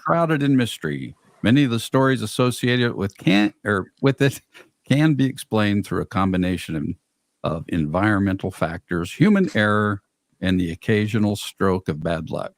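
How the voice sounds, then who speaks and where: A man co-hosting a casual podcast, chatting and then reading a scripted closing in a slow, measured way. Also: on the low side, lively intonation, no echo, clean studio sound. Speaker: podcast co-host. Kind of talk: casual chat.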